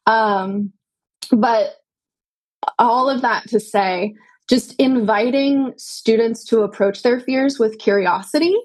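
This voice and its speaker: A woman with a slightly high-pitched voice speaks as a podcast guest, earnest and reflective. She often checks in with the listener with small tag questions. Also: slow, rough recording. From United States. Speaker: podcast guest, yoga teacher and doula. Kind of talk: conversational interview.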